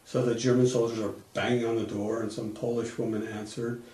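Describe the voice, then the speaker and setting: A man's voice: on the low side, flat delivery, a little fast, dark tone, recorded from a distance. A middle-aged man giving an oral history interview, retelling events plainly and explaining things as he goes, often restarting his sentences. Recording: echoey room.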